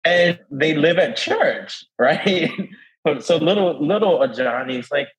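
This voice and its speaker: A man's voice: on the high side, slow, rough recording. Laughing New Orleans man telling stories. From New Orleans, Louisiana. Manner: warm storytelling, laughs often, animated quoting. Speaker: guest priest. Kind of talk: casual interview chat.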